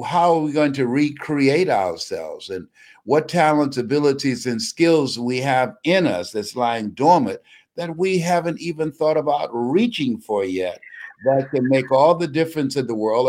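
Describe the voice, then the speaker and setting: A man's voice: mid-range voice, a little mellow. An older man, a motivational speaker, talking with a preacher-like cadence and repeating words for emphasis. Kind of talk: motivational speech in an interview.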